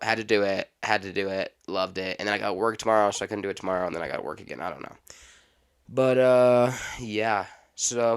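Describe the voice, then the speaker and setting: A young man hosting a casual solo podcast, rambling off the cuff and stopping now and then to cough and clear his throat. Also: lowish voice, a bit bright. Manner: rambling, unscripted, self-interrupting. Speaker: podcast host.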